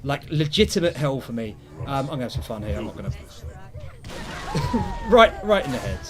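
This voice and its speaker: A young man streams a video game and rambles along casually, chatting and poking fun at himself. His medium-pitched voice swings widely in pitch and moves fast, with music playing in the background.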